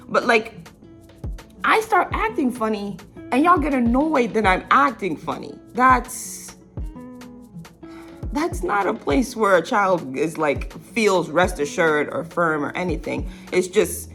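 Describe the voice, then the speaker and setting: Animated young woman telling a story. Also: medium pitch, moderate pace, vocal fry, soft background music. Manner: animated, rambling with many fillers and laughs. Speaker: vlogger. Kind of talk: casual storytelling.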